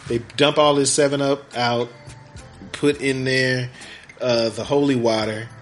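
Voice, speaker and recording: A man's voice: mid-range voice, steady tone, soft background music. A man hosting a podcast, casually retelling a movie plot in a rambling way and acting out the characters' lines. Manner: rambling, acts out characters' lines in quick voices. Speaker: podcast host.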